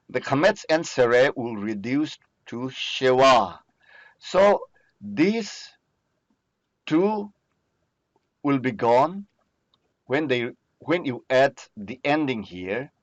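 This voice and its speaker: Here a medium-pitched male teacher works through a recorded lesson, patiently raising questions and responding to them himself at an unhurried pace. The audio is dry, muffled and lo-fi.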